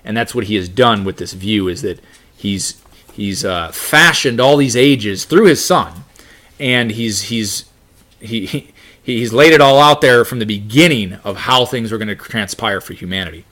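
A man's voice: fairly low pitch, lively intonation, moderate pace, a bit bright. A man teaching a Bible study lesson, reading scripture aloud and talking it through with many restarts. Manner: reads scripture aloud, frequent restarts and fillers.

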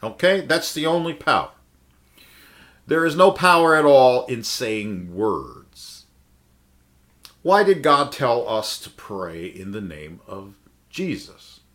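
A man's voice: medium pitch, big pitch swings, slow, a bit bright. A man teaching the Bible in a conversational sermon, emphatic and full of rhetorical questions. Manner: emphatic, asks the listeners many rhetorical questions.

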